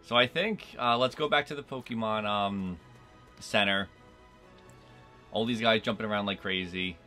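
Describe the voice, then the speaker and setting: A man's voice: lowish voice, normal speed, sharp tone, soft background music. Playful man chatting over a live game. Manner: playful, laughs often. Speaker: streamer. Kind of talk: casual live-stream chat.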